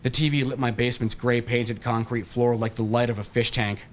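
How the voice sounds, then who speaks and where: A man, an author, reading his novel aloud at a bookshop in a steady, deadpan way. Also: medium pitch, brisk, slight background noise.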